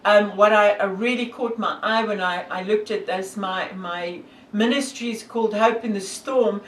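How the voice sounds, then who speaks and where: A woman's voice: medium pitch, moderate pace, distant mic, slight background noise. Earnest South African woman, echoey room. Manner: earnest, devout, rambling with many fillers. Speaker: hiker and vlogger. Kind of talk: casual talk to camera.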